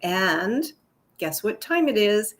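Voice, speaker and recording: A woman's voice: medium pitch, big pitch swings, takes it slowly. A woman hosting a casual live-stream chat, bubbly and effusive, laughing often. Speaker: host.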